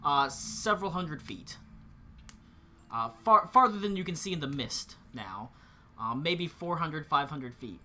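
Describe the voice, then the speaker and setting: Male game master, halting narration, piercingly bright timbre. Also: fairly high pitch, animated, slight background noise. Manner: halting, full of fillers and restarts.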